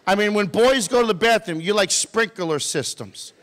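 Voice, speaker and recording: Male speaker, high-pitched, teasing comic talk to youth, long hall reverb. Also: animated, normal speed, fairly bright tone. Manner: playful, teasing, joking with audience members. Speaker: motivational speaker. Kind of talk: comedic motivational talk to a youth audience.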